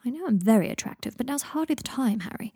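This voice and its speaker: A woman voicing a frail, sardonic young man near death, with a dry, drawling, often hushed delivery. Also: a little high, expressive, fast talker, slightly rough, no room sound, voice pushed up. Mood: wry. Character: sardonic dying young wizard, frail and wry.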